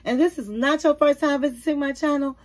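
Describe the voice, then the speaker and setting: Recapping a reality show for her channel, a woman offers chatty, casual commentary and addresses her viewers as queens, honey and baby. She talks briskly in a high-pitched voice with a darkish tone.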